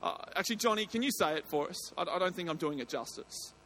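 A man preaching in a church, his voice sitting high for a man. He talks in a chatty, jokey way, cutting himself off and then pushing hard on key words. A faint hum runs under the recording. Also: quick pace, sharp tone. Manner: chatty, jokey, self-interrupting, bursts of emphasis. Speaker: pastor. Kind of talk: evening sermon. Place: church hall.

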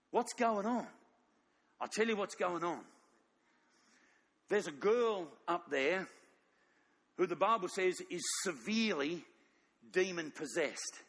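A man preaching in a fairly high, bright voice with a husky, gravelly edge. He tells the story emphatically, repeats phrases and throws questions at the audience. His voice echoes with a long reverb, as in a church hall. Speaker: pastor. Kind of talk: sermon.

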